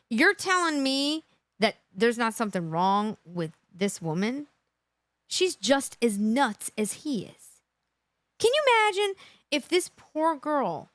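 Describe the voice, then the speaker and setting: Animated indignant woman reacting live. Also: high voice, no room sound, clean studio sound. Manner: indignant, emphatic, repeats phrases for effect. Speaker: host of live true crime reaction.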